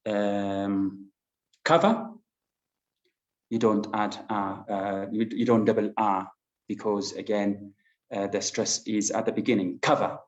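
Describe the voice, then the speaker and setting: A patient male English teacher with a lowish voice, going through grammar at a very slow pace. He stops often with fillers and restarts as he explains. The sound is dull and lo-fi, in a roomy space with a clear echo. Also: level tone, darkish tone. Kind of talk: online class lesson. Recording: dull lo-fi sound in an echoey room.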